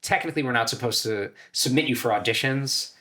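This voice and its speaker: A male comedian guesting on a talk show and telling stories in an animated, casual way. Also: medium pitch. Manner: animated storytelling, quick asides. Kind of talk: casual interview chat.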